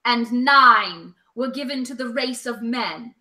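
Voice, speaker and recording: A woman's voice: fairly high pitch, pushed and bright, far from the mic, full character voice. Woman putting on a solemn elven queen. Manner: slow grave recitation.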